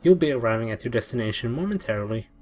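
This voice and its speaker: A haughty chimpanzee with a British accent, growling with disdain at mortals, as a man puts him on. He is proud and grumpy, a storybook creature, with soft music under him. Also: medium pitch, lively intonation, rapid-fire, natural voice. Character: grumpy proud male chimpanzee elevator operator.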